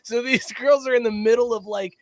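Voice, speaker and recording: A man's voice: very high voice, a little fast, no echo, clean studio sound. A man co-hosting a casual sports podcast, telling stories and laughing as he goes. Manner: lively storyteller who laughs mid-sentence. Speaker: podcast co-host. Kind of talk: casual chat.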